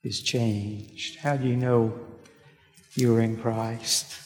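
A man preaching a sermon, telling stories with slow, deliberate pauses, recorded in a church sanctuary. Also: medium pitch, little pitch movement, darkish tone, soft background music. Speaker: pastor. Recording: echoey hall, long reverb.

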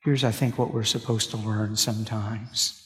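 A man pastor delivering a sermon, telling stories with halting restarts. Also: fairly low pitch, flat delivery. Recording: long reverb of a large hall.

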